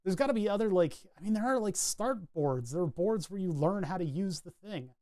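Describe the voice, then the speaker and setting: A chatty man talks through his soldering work in a casual, rambling way, thinking out loud about each connection. His voice sits a little high for a man. The sound is dry and close, with almost no room echo. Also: animated, a little fast. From New England. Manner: chatty, rambling, self-narrating as he works. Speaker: electronics hobbyist streamer. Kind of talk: casual talk while soldering.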